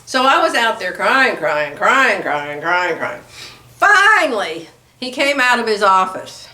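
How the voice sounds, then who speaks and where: A middle-aged woman vlogger chatting to her viewers about sewing, telling a story in an animated way and laughing often. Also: medium pitch, unhurried, recorded from a distance. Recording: echoey room.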